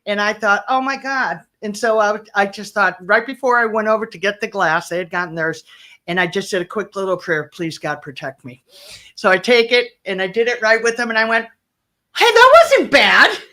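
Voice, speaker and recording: A middle-aged woman, a justice of the peace, chatting as a radio guest, telling lively anecdotes and acting out the quoted lines. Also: mid-range voice, a little fast. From Irish Catholic family of ten kids. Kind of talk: casual radio chat, storytelling.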